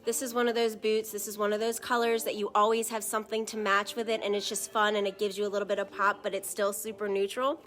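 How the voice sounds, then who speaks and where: A woman's voice: mid-range voice, little pitch movement, fast talker, hardly any pauses, a bit bright. A woman hosting a live shoe showcase, chatty and upbeat, talking straight to viewers. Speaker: shoe store host.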